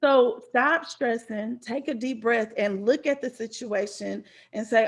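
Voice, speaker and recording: Woman, conference speaker, bright higher voice, conversational motivational delivery. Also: moderate pace, few pauses. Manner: casual, conversational, acts out anxious voices. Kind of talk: motivational talk.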